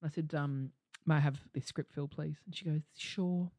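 A middle-aged Australian woman co-hosting a podcast, chatting casually and telling stories with lots of swearing and some deadpan. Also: sits low, moderate pace, no room sound. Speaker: podcast co-host. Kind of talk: casual chat.

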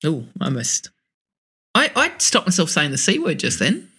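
A man with an Australian accent, co-hosting a podcast in casual chat, telling animated stories, swearing freely and laughing often. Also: fairly high pitch, normal speed, husky. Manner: animated storyteller. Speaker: podcast co-host.

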